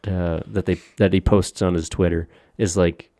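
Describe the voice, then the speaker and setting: A man's voice: low-pitched, little pitch movement, moderate pace, dark tone, dry recording, studio quality. A man co-hosting a casual podcast, ranting with lots of profanity and frequent laughter. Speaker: podcast co-host.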